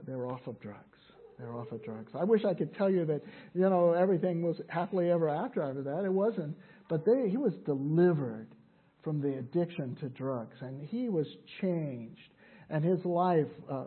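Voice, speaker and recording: An older man preaching a sermon as a pastor, telling personal stories in an earnest, halting way with many restarts. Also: a little high, breathy edge. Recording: tinny phone-like sound.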